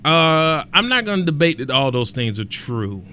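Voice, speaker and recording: A man hosting a podcast, ranting in a colloquial, animated way and repeating words for emphasis. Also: on the high side, moderate pace, slight background noise. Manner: animated and emphatic, rising to loud exclamations. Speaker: podcast host. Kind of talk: casual podcast rant.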